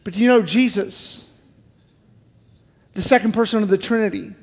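A man's voice: high voice, normal speed, a little mellow, in a large hall. A middle-aged male pastor giving an earnest sermon, full of repeated pleading questions. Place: church sanctuary.

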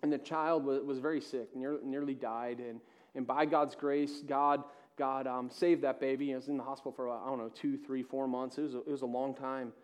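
A male pastor delivering a sermon, swinging between loud emphatic peaks and hushed, quiet passages. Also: medium pitch, little pitch movement, normal speed, clear, resonant tone.

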